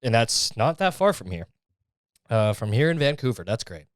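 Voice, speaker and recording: A man's voice: mid-range voice, sing-song, moderate pace, no echo, clean studio sound. Sarcastic, profane young man. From Canada. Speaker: podcast host. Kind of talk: casual solo podcast monologue.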